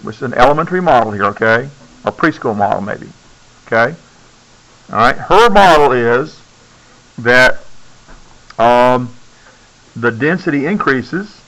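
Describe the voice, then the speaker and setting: A man's voice: mid-range voice, lively intonation, a little slow, long pauses, fairly bright tone, poor audio. A male science teacher lecturing a classroom, keeps checking in with "okay?" and coaxing students to speak up.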